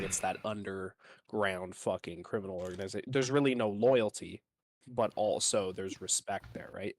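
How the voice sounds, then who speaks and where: A man's voice: low voice, background noise. A man playing a tabletop game, explaining his character's moves in a rambling way and swearing casually. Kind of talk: casual gaming chat.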